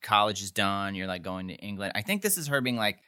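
A lowish, smooth male voice, very animated and fairly quick, with a bright, forceful tone. He co-hosts a podcast and casually rambles through a TV episode recap, peppering it with "like" and acting out quotes.

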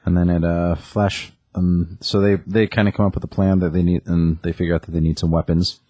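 A man's voice: deep voice, flat delivery, brisk, dark tone, dry recording. A man co-hosting a podcast, casually retelling a comic's plot with lots of ums and likes. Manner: rambling plot recap with many ums and likes. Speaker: podcast co-host. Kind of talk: casual comic book chat.

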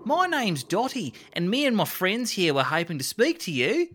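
A woman's voice: mid-range voice, sing-song, normal speed, fairly bright tone, slight background noise. A woman with an Australian accent voicing a brash, blunt, cheerful young woman with a chirpy, sweary manner.

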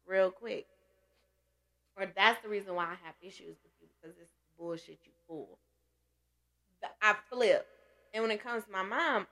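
A woman's voice: medium pitch, gravelly, a bit bright. A woman candidly telling a personal story in casual chat, emotional and laughing through tears. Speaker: podcast guest sharing survival story.

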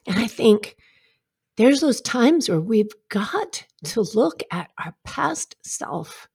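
A woman's voice: medium pitch, gravelly, slightly rough. A middle-aged woman giving a heartfelt, reflective personal talk and telling stories with asides. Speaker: self-help speaker.

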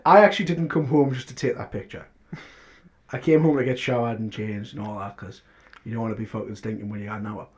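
A man's voice: lowish voice, steady tone, fast talker. A man co-hosting a podcast in casual chat, defending himself, interrupting and laughing. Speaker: podcast co-host.

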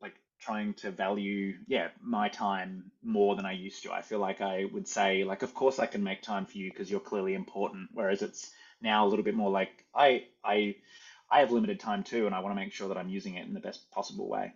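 A man's voice: lowish voice, flat delivery, a little fast, slightly rough, dull audio. A man with an Australian accent, talking as a guest in a casual interview, chatty and often restarting his sentences with "like". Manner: chatty, self-correcting, frequent "like" fillers.

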